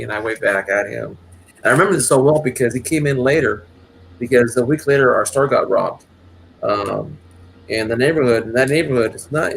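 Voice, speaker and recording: A man's voice: medium pitch, gravelly, a little hiss or hum. A man casually telling a long, rambling story, with many restarts and acted quotes. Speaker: channel host.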